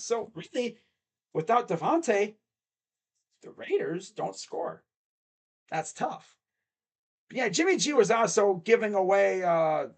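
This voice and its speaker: High-voiced young man talking football. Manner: chatty, mocking asides in put-on voices. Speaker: sports picks host. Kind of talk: casual football recap.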